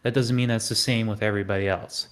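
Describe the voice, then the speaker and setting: A man's voice: on the low side, fast talker. A man hosting a live trading stream, talking casually and acting out panicked traders' thoughts. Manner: animated, acts out panicked inner voices.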